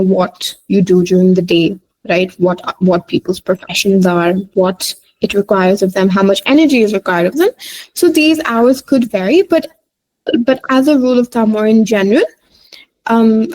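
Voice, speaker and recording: Mellow-voiced woman psychologist explaining. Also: medium pitch, low-quality recording. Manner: many fillers, lists points with "right?". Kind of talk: informal explainer talk.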